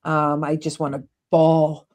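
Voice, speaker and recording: A woman's voice: deep voice, little pitch movement, measured pace, darkish tone. A middle-aged woman co-hosting a podcast, telling personal stories in a candid, blunt way with the occasional swear word. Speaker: podcast co-host. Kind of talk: casual conversation.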